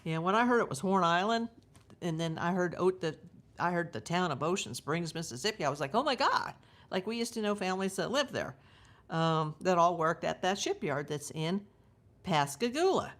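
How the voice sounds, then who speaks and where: Chatty woman hosting a livestream, low voice. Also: animated, moderate pace. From United States. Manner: chatty and digressive, talking to her viewers. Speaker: true crime livestream host. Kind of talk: live casual commentary.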